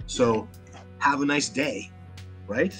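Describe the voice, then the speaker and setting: A man's voice: mid-range voice, slow, fairly bright tone, soft background music. A man with a Canadian accent, speaking as an interview guest in an emphatic, combative way, often repeating words as he gets worked up. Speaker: interview guest, Sasquatch researcher. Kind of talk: animated interview talk.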